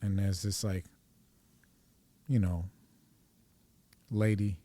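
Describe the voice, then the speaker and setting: A man in his forties talks through a personal story for his podcast, rambling and swearing freely. His voice sits low, and the sound is close and dry with no room around it. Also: level tone, takes it slowly, warm tone, no room sound. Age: 40s. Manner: rambling, profane, candid. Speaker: podcast host.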